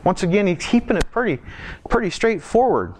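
A man preaching a sermon in a church, talking conversationally, asking the congregation questions and slowing down to stress key words. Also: very animated, slight background noise. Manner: slows down and lifts pitch for emphasis. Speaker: pastor.

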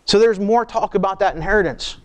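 A man preaches with a slightly high voice, talking to the congregation in a relaxed, conversational way. He reads scripture aloud, breaks off into asides and restarts his sentences as he goes. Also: fairly quick. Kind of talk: sermon.

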